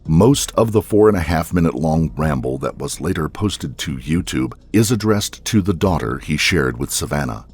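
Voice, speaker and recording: A male narrator reads a true-crime script in a measured storytelling manner. His voice is very low and husky. His pitch still rises and falls a lot. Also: expressive.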